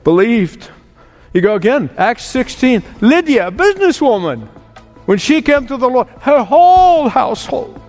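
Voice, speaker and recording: A man's voice: very high-pitched, very animated, normal speed, long reverb tail, soft background music. A man preaching a sermon as pastor, emphatic and repeating key words.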